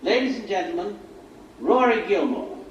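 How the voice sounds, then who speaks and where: A ceremonious headmaster. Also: male voice, high voice, animated, moderate pace, recorded from a distance, highs cut off. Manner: formal, ceremonious introduction. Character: older male headmaster introducing a student. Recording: echoey TV audio with faint noise, from afar.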